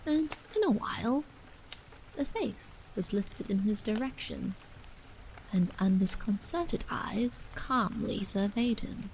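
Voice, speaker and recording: A woman reading a horror novel aloud as a bedtime story in a soft, slow whispered role-play, with rain falling behind her. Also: medium pitch, low-quality recording. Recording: faint rain noise behind.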